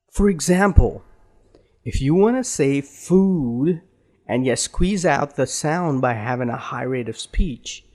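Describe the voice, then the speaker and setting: A male accent trainer whose first language is Indian gives an instructional lesson at an unhurried pace. His slightly high pitch is animated, and his explanations are slow, deliberate, and drawn out.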